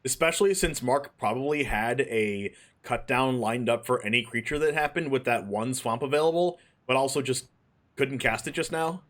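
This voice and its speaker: A mid-pitched male streamer joins the broadcast as co-commentator, chatting loosely about the plays. His delivery is casual and conversational. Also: moderate pace. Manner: chatty, relaxed color commentary. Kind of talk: live game commentary.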